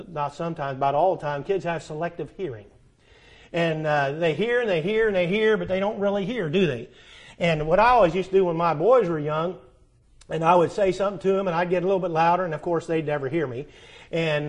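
A middle-aged preacher with a high, bright voice. He delivers a sermon, firing rhetorical questions at his listeners and repeating key phrases for weight. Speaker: pastor.

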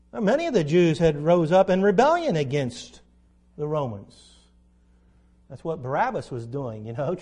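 His voice leans high with a darkish tone. He preaches a conversational, verse-by-verse Bible lesson, questioning his listeners and acting out the quoted lines.

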